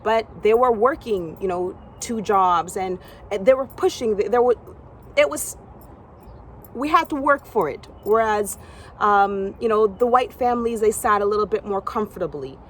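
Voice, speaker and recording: A young woman from Canada telling a personal story from her gymnastics past, acting out other people's lines in a higher voice. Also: moderate pace, slight background noise.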